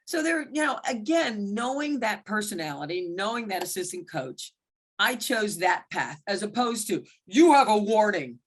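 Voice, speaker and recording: Animated, outspoken woman referee telling stories. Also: moderate pace, husky. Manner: animated, acts out quoted exchanges with big pitch jumps; blunt and frank, with occasional mild swearing. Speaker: basketball referee mentoring younger players. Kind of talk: candid storytelling in a mentoring talk.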